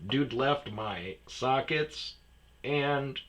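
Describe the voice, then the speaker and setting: A man telling a story casually, animated and swearing freely. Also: mid-range voice, drawn-out words.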